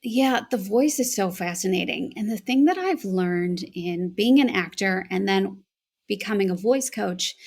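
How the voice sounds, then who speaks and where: A woman with an American accent, a voice and accent coach, telling a reflective story as an interview guest. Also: mid-range voice. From United States. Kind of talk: conversational interview answer.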